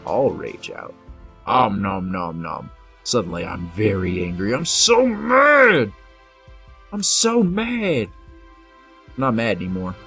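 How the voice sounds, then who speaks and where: A man with a fairly low voice gives a playful let's-play commentary. He teases the monsters and reads the game text aloud, with quiet game music playing behind him. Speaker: gameplay commentator.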